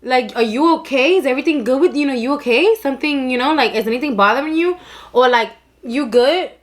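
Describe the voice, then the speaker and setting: A young woman from New York with a New York accent, hosting an eating show and chatting casually, loud and expressive, laughing often. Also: high-pitched, fairly quick. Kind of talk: casual chat while eating.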